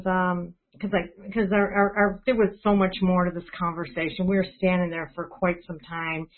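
A woman's voice: on the low side, little pitch movement, moderate pace, few pauses. A woman sharing a church testimony in a casual, hesitant way, full of restarts and fillers. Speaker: church member sharing praises. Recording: phone-line audio.

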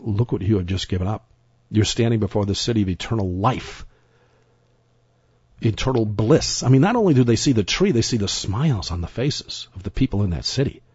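Husky low-voiced man preaching. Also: warm tone, no room sound, dull audio. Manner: emphatic, rambling, repeats words and restarts. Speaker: Bible teacher. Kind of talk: sermon-style Bible teaching.

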